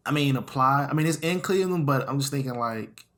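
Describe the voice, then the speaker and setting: A man's voice: medium pitch, fairly quick, a bit bright. A young man co-hosting a podcast, rambling through his points with lots of fillers. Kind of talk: casual chat.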